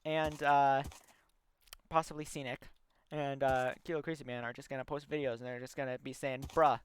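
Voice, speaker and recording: A man's voice: mid-range voice, flat delivery, normal speed, clean tone. A young man chatting casually on a game livestream, rambling through long stories packed with ums and likes. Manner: rambling, filler-heavy storytelling. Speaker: gaming livestreamer. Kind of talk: casual live-stream chat.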